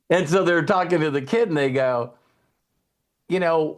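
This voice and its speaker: A man's voice: fairly high pitch, moderate pace, pauses often. A middle-aged man hosting a motivational talk, telling stories and acting out quoted voices with some casual swearing. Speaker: host and mentor.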